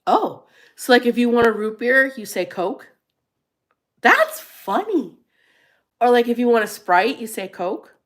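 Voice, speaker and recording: A woman's voice: fairly high pitch, normal speed, few pauses. A woman from Pennsylvania hosting a casual live chat, reading and answering viewer comments and laughing often. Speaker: live stream host.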